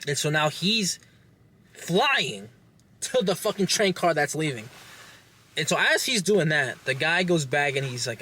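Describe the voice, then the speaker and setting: A young man casually recapping a movie plot with lots of swearing, animated and acting out lines. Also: a little high, moderate pace, a little hiss or hum. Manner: animated, profane, acts out characters' lines. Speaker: podcast host reviewing a movie.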